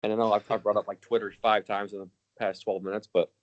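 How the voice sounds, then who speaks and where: A man's voice: fairly low pitch, level tone, fast talker, lo-fi sound. Man ranting, profane podcast co-host. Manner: ranting, profane, laughs often. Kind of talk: casual podcast chat.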